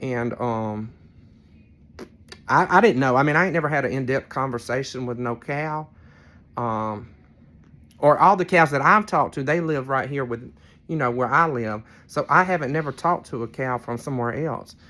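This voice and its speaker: A man's voice: medium pitch, normal speed, bright, forceful tone. Chatty man vlogging. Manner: chatty, rambling storyteller with playful teasing asides. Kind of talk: casual chat to camera.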